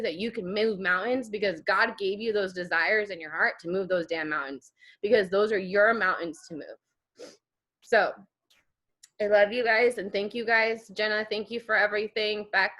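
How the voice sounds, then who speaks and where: A woman's voice: medium pitch, a bit bright, poor audio. A woman leading her team in an impassioned, teary motivational talk, repeating phrases for emphasis. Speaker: team leader.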